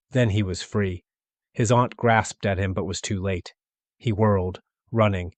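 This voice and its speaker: Low-voiced man reading a classic story. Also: steady tone, unhurried, no room sound. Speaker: audiobook narrator. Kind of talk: scripted literary narration.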